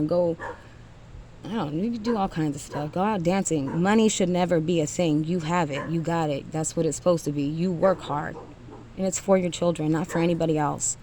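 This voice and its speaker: A woman's voice: fairly low pitch, warm tone, slight background noise. A woman giving a blunt, profane motivational rant to single mothers, emphatic and often trailing off with sighs.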